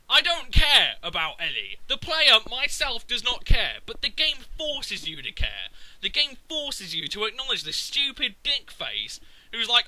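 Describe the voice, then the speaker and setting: A man's voice: very high voice, huge pitch swings, moderate pace, pushed and bright, dry recording, low-quality recording. A man, ranting casually and profanely about a video game. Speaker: gaming video maker. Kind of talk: casual rant.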